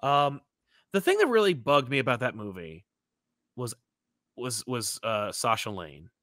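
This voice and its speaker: Lively bright-voiced man chatting. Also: medium pitch, measured pace, no echo, studio quality. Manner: animated, rambling with many fillers and restarts; quotes people in mock voices. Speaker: podcast co-host. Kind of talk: casual movie chat.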